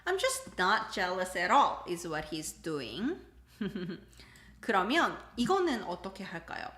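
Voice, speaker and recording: A woman teaching a live-streamed language lesson, slow when explaining and quick with her examples, laughing often. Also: mid-range voice, sharp tone, reverberant. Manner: switches between slow English explanations and quick Korean examples. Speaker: Korean teacher.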